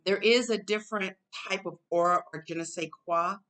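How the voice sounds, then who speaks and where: A woman's voice: medium pitch, moderate pace, a bit bright. A woman from the United States giving her casual commentary to camera in a conversational, musing way. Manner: conversational, musing, with fillers and laughs. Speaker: vlogger.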